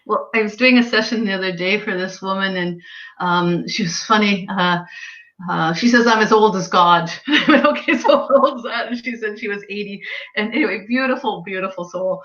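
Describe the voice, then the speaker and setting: A woman's voice: medium pitch, brisk, a bit bright. A woman chatting casually as an animal communicator, telling stories and acting out what clients said. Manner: chatty, retells conversations with quoted voices. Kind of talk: casual storytelling chat. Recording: dull lo-fi sound.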